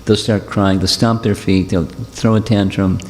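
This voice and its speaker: A man giving a devotional talk and answering questions, speaking in a gentle, repetitive, reassuring way. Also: fairly low pitch, steady tone, a little slow. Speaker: spiritual teacher. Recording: long hall reverb.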